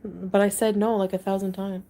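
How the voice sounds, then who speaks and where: A woman's voice: medium pitch, level tone, moderate pace, mellow. A tired, unwell woman talking on a livestream, defensive and irritated, swearing often. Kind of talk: casual livestream chat.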